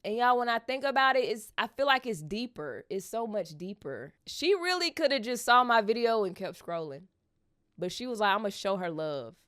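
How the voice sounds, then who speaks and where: Animated woman vlogger telling a story. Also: fairly high pitch, moderate pace. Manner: addresses viewers as "y'all", animated, rising to excited squeals. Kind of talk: casual storytelling to camera.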